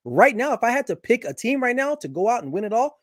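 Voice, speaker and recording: A man guesting on a sports show, giving strong opinions in casual, animated chat, often restarting his sentences. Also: very high voice, quick pace, no echo, studio quality.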